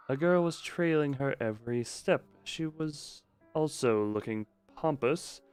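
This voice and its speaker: While streaming a game, a man with a clear, resonant, medium-pitched voice reads a visual novel's on-screen text aloud. He keeps breaking off to toss in joking remarks.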